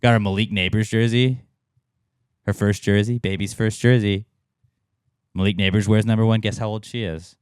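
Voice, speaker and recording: Lower-voiced profane man ranting on a podcast. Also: steady tone, moderate pace, long pauses, a little mellow, smooth, no room sound, clean studio sound. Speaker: podcast co-host. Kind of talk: casual chat.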